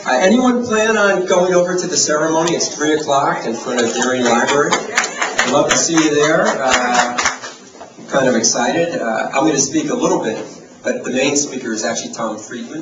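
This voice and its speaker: A man's voice: mid-range voice, moderate pace. A man from New Jersey, a university president, giving a chatty, self-deprecating welcome speech full of fillers and restarts. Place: reception in a large hall. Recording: roomy hall, mic at a distance, noisy.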